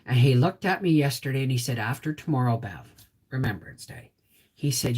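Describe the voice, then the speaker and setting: A woman's voice: very deep voice, animated, fairly quick, darkish tone, breathy edge. A middle-aged woman hosting a casual homestead live stream, chatting with viewers and reading out their names. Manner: chatty, reads out viewer names, gets emotional. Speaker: homestead channel host.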